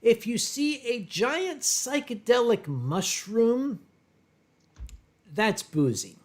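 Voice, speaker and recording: A man's voice: very high voice, expressive, takes it slowly. A man hosting a casual drinking livestream, telling rambling, theatrical stories full of swearing. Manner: rambling, theatrical storyteller with profanity. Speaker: livestream host. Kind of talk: casual drinking-stream chat.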